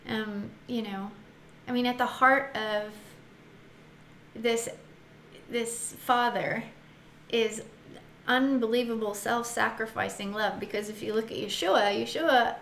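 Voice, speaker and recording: A woman's voice: on the high side, takes it slowly, a bit bright. A woman casually leading a Bible study, reading scripture aloud, giggling often and stopping to muse on what she reads. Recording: echoey room with faint noise.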